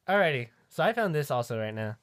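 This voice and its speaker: A man's voice: medium pitch, big pitch swings, brisk, fairly bright tone, smooth, no room sound, clean studio sound. A man co-hosting a podcast, chatting casually in a crude, joking way and laughing often. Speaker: podcast co-host. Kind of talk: casual chat.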